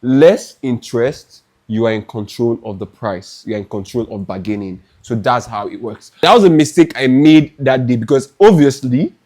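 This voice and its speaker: A young Nigerian man with a Nigerian accent, telling a lively, dramatic story in a chatty clothing haul vlog. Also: medium pitch, normal speed, few pauses. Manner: animated, dramatic, restarts often. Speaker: fashion vlogger.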